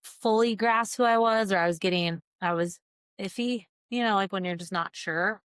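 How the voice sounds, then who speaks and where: A woman's voice: mid-range voice, normal speed, clean tone, no echo, clean studio sound. A woman interviewed as a guest, an earnest storyteller who acts out what others said. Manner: earnest, animated storyteller acting out quotes. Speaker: guest, nonprofit founder. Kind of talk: casual interview conversation.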